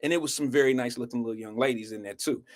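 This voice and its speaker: A man hosting a live show, telling a story in an animated way, swearing freely and speaking straight to his audience. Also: medium pitch, rapid-fire. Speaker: show host.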